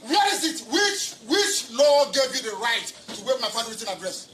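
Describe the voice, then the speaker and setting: A man's voice: extremely high pitch, very animated, normal speed, fairly bright tone. A man speaking in a courtroom in a heated protest, repeating his demands insistently. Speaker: defendant addressing a court. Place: crowded courtroom. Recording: echoey room, mic far off, crowd noise.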